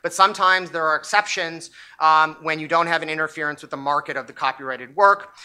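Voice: mid-range voice, sharp tone. A speaker lecturing on a court ruling, analytical and emphatic, often restarting phrases mid-thought. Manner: analytical, stop-start with frequent restarts; emphatic when stressing key points. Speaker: legal commentator.

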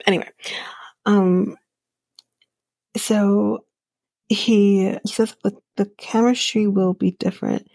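A woman's voice: medium pitch, takes it slowly, vocal fry, pauses often, darkish tone, husky, no room sound. A woman podcast host giving a casual TV episode recap, chatty with wry sarcastic asides.

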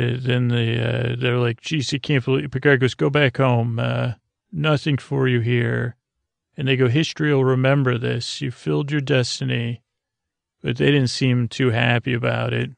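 A man's voice: mid-range voice, creaky, dry recording. A man hosting a podcast, giving a loose, meandering recap of an episode with many fillers. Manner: meandering, lots of uh fillers, paraphrases dialogue loosely. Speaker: podcast host.

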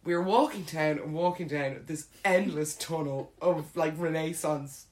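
Low-voiced Irish woman telling a story. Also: a little slow. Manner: animated, laughs often, filler-heavy. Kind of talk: casual storytelling chat.

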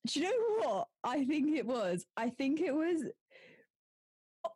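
A woman's voice: sits high, big pitch swings, unhurried, darkish tone, no echo. Bubbly young woman on a video call, dry close sound, laughs a lot. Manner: chatty, laughs often, bubbly. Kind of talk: casual interview chat.

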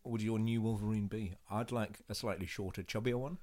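A man co-hosting a casual chat, playful and quick to laugh. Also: lowish voice, steady tone, darkish tone.

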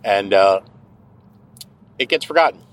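This middle-aged podcaster speaks at a fairly low pitch, animated but unhurried, as he rants sarcastically and profanely while driving. It's a casual monologue captured on a low-quality recording.

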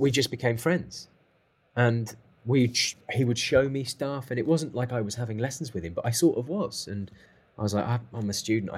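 Guy, lowish voice, chatty story, does the voices of people on the phone. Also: slightly rough. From England. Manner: lively anecdote telling, acting out phone calls. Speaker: guest drummer. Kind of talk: casual storytelling.

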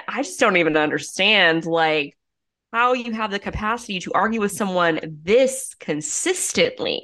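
Young woman, lower-pitched voice, podcast co-host, chatty, storytelling recap. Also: pushed and bright. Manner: chatty storytelling, many fillers and asides. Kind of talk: casual recap chat.

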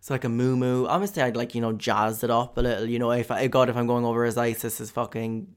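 This young podcast host from Ireland has a Cork accent and a clean, medium-pitched voice, delivered flatly and quickly. His comic monologue rambles, swears, and jokes, with plenty of fillers.

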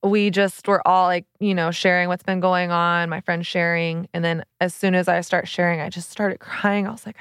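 A woman's voice: mid-range voice, steady tone, normal speed, no room sound, studio quality. A woman in her thirties, a podcast host and relationship coach, talking openly and earnestly in a personal confessional way, full of "like" fillers. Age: 30s. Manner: earnest, open, many "like" fillers.

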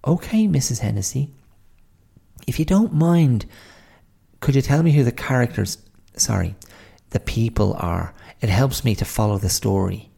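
Male reader voicing an insistent young girl, pitched well up, lively, a bit husky. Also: moderate pace. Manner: polite but insistent. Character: young girl, earnest, bright, stubborn.

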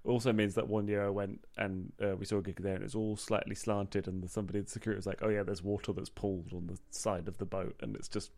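A man's voice: quick pace, few pauses. A man, a comedian and musician, chatting casually as a podcast guest and acting out voices in his anecdotes. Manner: animated anecdote-teller, acts out voices with big pitch jumps. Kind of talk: casual chat.

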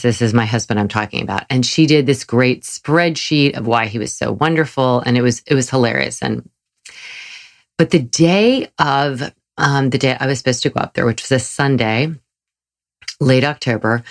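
A woman's voice: very deep voice, lively intonation, moderate pace. A woman giving a casual motivational talk, chatty and enthusiastic, telling personal stories with frequent laughs and fillers. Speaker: motivational speaker.

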